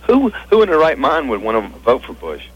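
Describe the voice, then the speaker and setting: A man calling in to a radio show, talking haltingly with many fillers and chuckles. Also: mid-range voice, wildly swooping pitch, breathy edge, muffled recording. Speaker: caller. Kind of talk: radio call-in chat.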